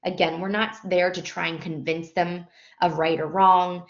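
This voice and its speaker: A woman with a fairly low voice talks through a nursing lecture at an easy pace, often pausing on "um" and correcting herself mid-phrase. The sound is dull and lo-fi, with a roomy echo around her. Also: flat delivery. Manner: conversational, frequent ums and self-corrections. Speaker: nursing instructor. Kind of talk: recorded lecture.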